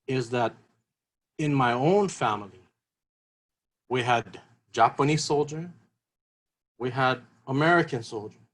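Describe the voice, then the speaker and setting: A man gives an emotional talk with a voice at an ordinary middle pitch. He speaks earnestly and comes back to the same phrases again and again. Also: unhurried, long pauses, a bit bright, low-quality recording. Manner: earnest, repeats key phrases. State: emotional, voice catching. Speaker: seminar speaker.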